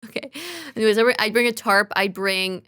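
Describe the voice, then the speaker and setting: A woman's voice: mid-range voice, steady tone, brisk, sharp tone, clean tone, no room sound. Blunt, joking woman podcaster, dry sound. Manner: blunt, incredulous and joking, with casual swearing. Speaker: podcast co-host. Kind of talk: casual chat.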